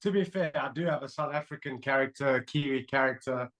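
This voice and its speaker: A man's voice: medium pitch, fairly quick, fairly bright tone. Hesitant male podcast co-host. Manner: hesitant, stumbling restarts. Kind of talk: casual podcast chat.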